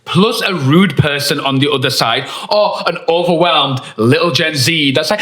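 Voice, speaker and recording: A man's voice: mid-range voice, a little fast, hardly any pauses, fairly bright tone. A man co-hosting a podcast, ranting in an exasperated, emphatic way in casual chat. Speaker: podcast co-host.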